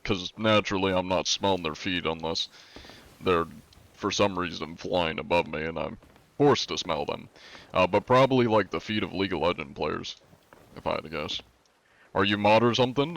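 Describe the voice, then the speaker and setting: A man with a very deep, low voice talks casually to his live-stream chat. He rambles through wry, joking answers and banters with his viewers. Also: fairly bright tone. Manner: says he is often compared to a deep-voiced narrator.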